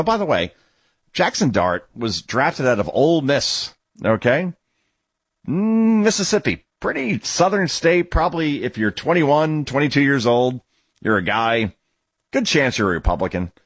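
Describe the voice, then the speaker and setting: Man, sports talk host, low husky voice, lively swinging pitch, sarcastic, dry close mic. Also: no echo. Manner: sarcastic, indignant, animated storytelling. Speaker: youth baseball coach and father. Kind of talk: opinionated sports talk monologue.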